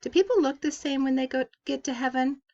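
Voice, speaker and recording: A woman reading aloud, voicing an earnest young boy who asks soft questions. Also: high-pitched, brisk, muffled recording, voice pushed up. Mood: questioning.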